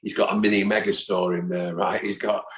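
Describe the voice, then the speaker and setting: A man in his fifties with a low, deep voice tells stories in a lively way, acting out the voices of the people he quotes. He sounds like an interview guest chatting casually. The recording carries a noticeable echo from the room. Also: a little fast. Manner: animated storyteller who acts out quoted voices. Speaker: guest, football fan. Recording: echoey room.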